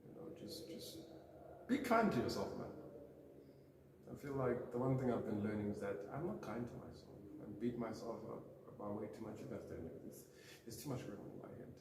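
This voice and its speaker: A man's voice: lowish voice, sing-song, fairly quick, gravelly. A young man, a guest on a podcast, chatting casually in a rambling, self-deprecating way with lots of fillers. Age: young adult. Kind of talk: casual chat. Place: room on a university campus. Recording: echoey room, mic far off, noisy.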